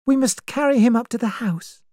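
Woman voicing a quiet, tense young woman. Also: a little high, a little fast, no room sound, studio quality, pitched above the performer's own voice, natural voice.

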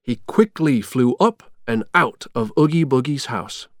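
A storyteller reading a storybook aloud in a slow, clear, expressive way. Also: mid-range voice, no room sound, studio quality. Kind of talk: scripted storybook narration.

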